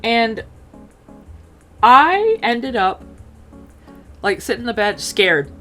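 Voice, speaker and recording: A woman chatting casually as she tells a personal story, full of fillers, acting out quotes in an animated way. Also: fairly high pitch, slow, faint music behind. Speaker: streamer telling a personal story.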